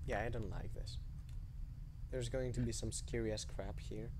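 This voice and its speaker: A man's voice: on the low side, moderate pace, background noise. A man hesitantly commenting on a horror game, with lots of fillers, yelping and swearing at the scares. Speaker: let's play gamer.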